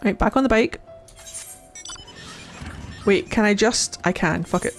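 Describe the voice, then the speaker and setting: A woman's voice: medium pitch, measured pace, faint music behind. Giggly, playful woman streamer. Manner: playful and giggly, with frequent laughs; chatty, with many filler likes. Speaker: streamer playing a game. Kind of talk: casual let's-play commentary, reading game text aloud.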